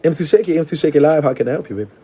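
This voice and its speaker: A man's voice: a little high, very fast, warm tone, slight background noise. A man hosting a live call-in show, rambling and blunt, affectionate with callers. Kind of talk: casual live call-in chat.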